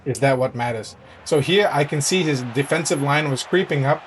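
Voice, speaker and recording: Gaming YouTuber, male, slightly higher voice, animated gameplay commentary, faint hiss behind. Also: fairly quick. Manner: animated, swings to excited shouting at big plays.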